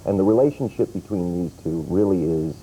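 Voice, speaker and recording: A man's voice: sits low, a little fast, mellow, a little hiss or hum, rough recording. A man working as a TV news reporter, chatting in a conversational way in an interview and in the studio.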